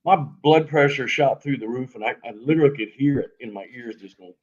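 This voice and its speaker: A man telling a story on a live show in a lively, animated way, acting out sounds as he goes. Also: medium pitch, a little fast, highs cut off. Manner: animated, lively retelling with fillers and sound effects. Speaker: guest telling an encounter story.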